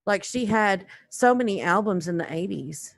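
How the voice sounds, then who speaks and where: A woman's voice: mid-range voice, lively intonation, normal speed, vocal fry, no echo, studio quality. Chatty woman quiz contestant. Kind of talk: casual chat on a video call.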